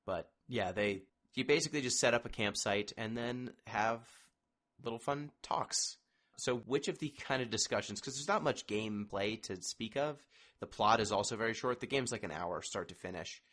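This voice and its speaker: A man with a somewhat low voice hosts a casual podcast chat. He talks in a wry, discursive way, steering the discussion from one point to the next. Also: normal speed, fairly bright tone. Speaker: podcast host.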